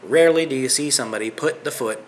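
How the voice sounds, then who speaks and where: A man's voice: medium pitch, fast, a little hiss or hum. A middle-aged Canadian man with a Canadian accent, chatting loosely and rambling in a video response to another vlogger.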